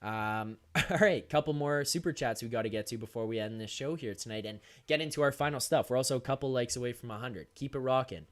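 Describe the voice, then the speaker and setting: A young man hosting a live sports stream, talking fast and animated straight to his viewers, often laughing. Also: medium pitch. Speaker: host of a hockey post-game live stream. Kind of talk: energetic live-stream chat.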